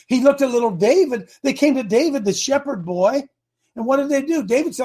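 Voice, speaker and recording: A man's voice: extremely high pitch, animated, brisk, darkish tone, slightly rough. A man preaching a sermon as a coach, folksy and emphatic, retelling Bible stories in slang.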